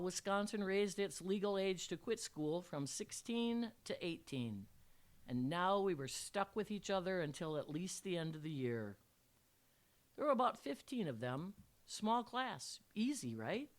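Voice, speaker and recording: An older woman, a retired teacher, reading a personal story aloud with dry, wry humor. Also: fairly low pitch. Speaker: retired teacher telling a memoir.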